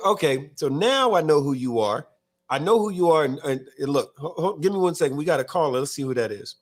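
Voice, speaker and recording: Guy hosting a live biker show, kinda high voice, loose and cussing, reading comments out. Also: big pitch swings, a little fast, fairly bright tone. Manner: loose, reads viewer comments aloud, profane. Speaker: podcast co-host. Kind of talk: casual live-stream chat.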